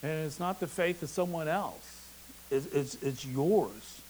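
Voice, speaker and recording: A male pastor preaches in an earnest, emphatic voice that sits a little high. A faint hiss runs under his words. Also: unhurried, darkish tone, rough recording. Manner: earnest, emphatic, with a touch of humor. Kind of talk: sermon.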